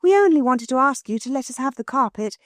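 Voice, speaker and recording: A woman's voice: sits high, lively intonation, fast, no room sound, clean studio sound, pitched above the performer's own voice. A woman voicing an earnest, soothing young girl who coaxes and pleads. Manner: earnest, coaxing.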